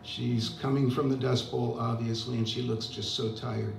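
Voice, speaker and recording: A man's voice: medium pitch, level tone, normal speed, vocal fry, a little hiss or hum. An older man hosting an open mic, chatting casually and self-deprecatingly between songs. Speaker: open mic host and singer. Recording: roomy, distant mic, guitar behind.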